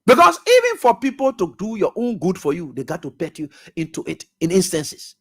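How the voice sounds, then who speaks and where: Fiery high-voiced radio host. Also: male voice, wildly swooping pitch, fairly quick. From Liberia. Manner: fiery, swinging from loud outbursts to low muttering. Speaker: radio talk show host. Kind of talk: impassioned political commentary. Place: radio studio.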